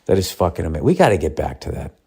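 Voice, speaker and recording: A man's voice: sits low, sing-song, quick pace, gravelly, darkish tone, husky. A man in his fifties hosting a podcast, ranting and swearing in a sardonic, casual monologue while reading listener mail. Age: 50s. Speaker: podcast host.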